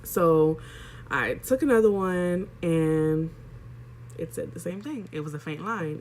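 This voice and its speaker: A woman's voice: low voice, measured pace, darkish tone, a little hiss or hum. A young woman vlogger telling a personal story in a candid, chatty way, addressing her viewers directly. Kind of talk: casual storytelling vlog.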